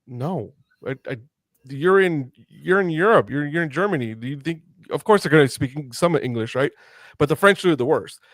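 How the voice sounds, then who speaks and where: A man's voice: on the high side, lively intonation, normal speed, fairly bright tone, dry recording, studio quality. A man born in Mexico hosting a podcast interview, talking passionately and rambling with many restarts. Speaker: podcast host. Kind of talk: casual interview chat.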